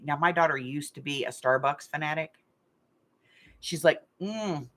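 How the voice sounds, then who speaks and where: Deep-voiced and a bit bright, she talks at a measured pace. As host of a craft channel live game, this middle-aged woman chats casually and tells rambling stories with frequent laughter from a hot room at home.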